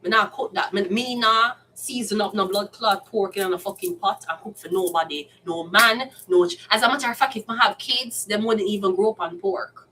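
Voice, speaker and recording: A woman's voice: medium pitch, normal speed, few pauses, pushed and bright. Blunt, profane Jamaican woman ranting. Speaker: tarot card reader. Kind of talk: casual ranting monologue. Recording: distant mic, faint background noise.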